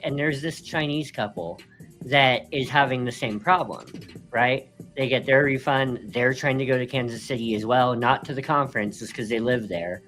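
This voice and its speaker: A man's voice: medium pitch, a bit bright. A man co-hosting a live stream, telling a story casually and animatedly, laughing between phrases and leaning on fillers. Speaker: co-host.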